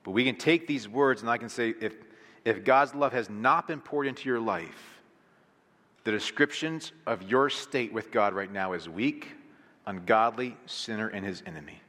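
A man's voice: lowish voice, moderate pace, a bit bright. Man, pastor, sermon, rhetorical questions, long hall echo, church. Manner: conversational preaching with rhetorical questions. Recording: long reverb of a large hall.

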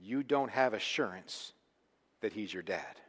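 A man's voice: lowish voice, animated, a little slow, slightly rough. Earnest preacher man in a big echoing hall. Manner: earnest, emphatic, swinging from quiet to loud. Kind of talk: sermon. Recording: long reverb of a large hall.

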